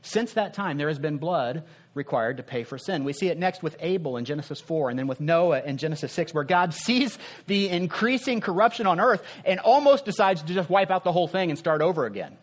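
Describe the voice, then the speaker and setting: A man preaching a sermon in a conversational way, asking rhetorical questions and dropping his voice softly to make a point. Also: a little high, expressive, a little fast. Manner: earnest, drops soft for emphasis.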